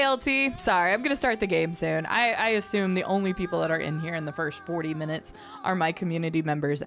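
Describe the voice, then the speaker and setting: A woman streamer chatting casually with her viewers. She has a low vocal fry at the ends of her phrases, rambles, and laughs often. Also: a bit bright. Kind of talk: casual live-stream chat, reading and answering chat. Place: home streaming setup.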